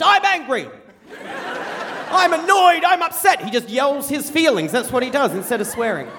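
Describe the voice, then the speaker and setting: A young Australian man from rural South Australia telling a funny personal story on stage, animated and self-mocking, repeating himself as he rushes. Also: high-pitched, big-room sound. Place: stage before an audience.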